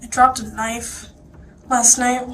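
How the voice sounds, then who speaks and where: A tired young woman answering questions in a police interview, soft and hesitant, often trailing into near-whispers. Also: fairly high pitch, level tone, takes it slowly. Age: young adult. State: exhausted. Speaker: suspect being questioned. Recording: distant, noisy interview-room recording.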